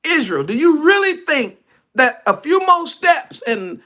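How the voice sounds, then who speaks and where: A man's voice: very high-pitched, big pitch swings, measured pace, pushed and bright. A male preacher giving a fiery, colloquial online sermon, reading scripture and preaching it.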